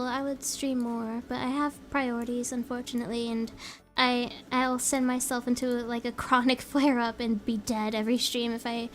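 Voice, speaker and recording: A young woman chatting on a live stream in a bubbly, giggly, rambling way. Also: high voice. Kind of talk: casual live-stream chat.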